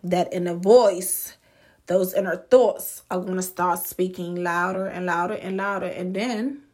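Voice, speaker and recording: A woman hosting a podcast, giving a blunt, profane motivational monologue with emphatic, drawn-out words. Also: lowish voice, fairly even intonation, a little mellow. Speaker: podcast host.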